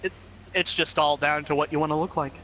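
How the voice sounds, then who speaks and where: Bright-voiced man trading quick quips. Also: on the high side, steady tone, slight background noise, poor audio. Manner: laughs often, quick quips. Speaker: friend joining the stream. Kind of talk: casual joking chat.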